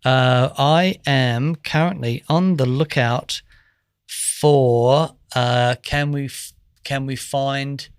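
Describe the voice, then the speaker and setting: Male host, playful and keen, mid pitch, dry close sound. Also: fairly even intonation, clean tone, dry recording. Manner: enthusiastic, playful, drawn-out musing. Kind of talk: casual chat.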